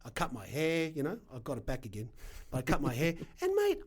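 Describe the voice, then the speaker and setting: A middle-aged Australian man with an Australian accent, a guest telling his story in an animated, emphatic way with punchy asides. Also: mid-range voice, quick pace, husky. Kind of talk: casual storytelling interview.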